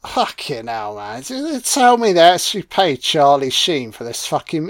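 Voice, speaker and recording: British guy, film commentary, slow drawl, foul-mouthed sarcasm, dry close sound. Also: fairly high pitch, very animated, no room sound. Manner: sarcastic, heavily profane mockery. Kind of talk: audio commentary, riffing on a film.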